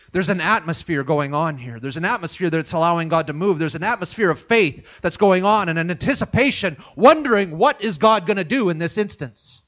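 High-voiced preacher telling a story. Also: male voice, a bit bright, lo-fi sound. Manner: storytelling, repeating phrases for emphasis. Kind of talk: sermon.

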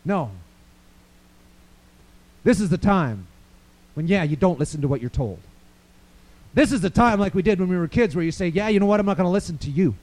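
A man preaching a sermon, swinging from quiet storytelling to loud, fervent declarations. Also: high-pitched, animated, a little fast, pauses often, poor audio.

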